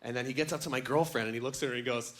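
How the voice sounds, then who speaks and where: A man performing a stand-up comedy set on a club stage, animated and acting out the voices of other people. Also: medium pitch, rapid-fire. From Canada.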